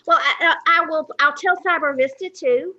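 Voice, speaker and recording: Southern female guest, Alabama accent, fairly high voice, chatty with fillers, muffled lo-fi call audio. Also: normal speed, sharp tone. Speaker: guest, content manager. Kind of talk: casual interview chat.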